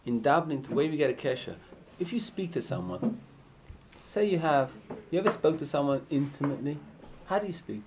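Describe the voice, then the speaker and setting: A man giving an informal Torah class on prayer, often asking his listeners questions and swinging between loud and hushed speech. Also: on the high side, a little fast, noisy background. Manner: animated, swings from loud chanting to hushed near-whispers. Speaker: Torah teacher.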